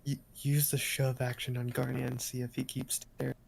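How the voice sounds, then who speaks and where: A man's voice: mid-range voice, monotone, fairly quick, creaky, a little mellow, slight background noise. A man playing a tabletop game who talks hesitantly, with lots of ums. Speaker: player.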